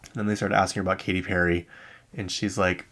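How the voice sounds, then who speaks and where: A man's voice: sits low, flat delivery, fast, fairly bright tone. A man hosting a podcast, chatting casually and rambling about pop music news with many asides and self-corrections. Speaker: podcast host. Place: lives in Utah.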